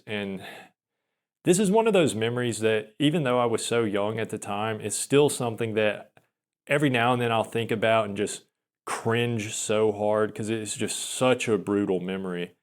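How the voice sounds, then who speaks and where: A man's voice: fairly low pitch, moderate pace. A young man telling a long personal story in casual chat, rambling and self-deprecating, with frequent restarts and small laughs. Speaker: podcaster.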